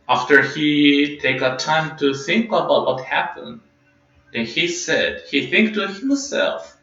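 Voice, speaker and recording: A man, a Buddhist minister, giving a dharma talk sermon as a halting story with many fillers. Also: a little high, bright, forceful tone. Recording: roomy, dull lo-fi recording.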